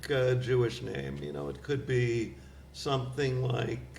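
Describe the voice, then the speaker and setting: A middle-aged man, a poet guest, chatting casually in a wry, rambling way with a gravelly voice. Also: medium pitch, big pitch swings, measured pace, a little mellow. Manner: wry, rambling storyteller with laughs. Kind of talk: casual chat. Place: community cable studio. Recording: roomy studio with faint hiss.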